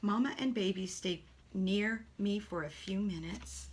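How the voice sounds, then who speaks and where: A woman telling a children's adventure story in a lively voice, sometimes dropping to a whisper. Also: mid-range voice, a little slow, hardly any pauses. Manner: animated, with soft whispered asides.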